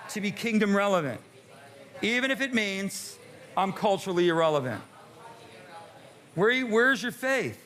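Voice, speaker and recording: A middle-aged male pastor preaching with a fairly high voice. He is emphatic and fires rhetorical questions at the congregation from a church stage mic. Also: fairly bright tone. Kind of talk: sermon. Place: church sanctuary with a live congregation.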